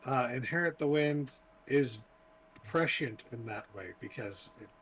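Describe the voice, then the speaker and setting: A man's voice: mid-range voice, lively intonation, fairly bright tone, a little hiss or hum. Enthusiastic man in casual movie chat. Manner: enthusiastic, swearing, halting with fillers. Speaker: podcast co-host.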